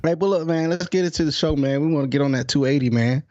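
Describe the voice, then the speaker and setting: A man's voice: a little high, fast talker, mellow, no echo. Chill guy on a podcast, laughs a lot, keeps saying man, kinda muffled dry audio. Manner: laid-back, laughs a lot, repeats "man". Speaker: podcast co-host. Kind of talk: casual chat.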